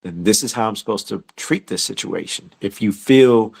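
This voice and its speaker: Man preaching, calm to fervent. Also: lowish voice, normal speed, vocal fry, breathy edge. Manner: builds from calm conversational teaching to raised, urgent exhortation; acts out inner thoughts as quoted prayers. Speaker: scripture study teacher. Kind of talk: preaching scripture study talk.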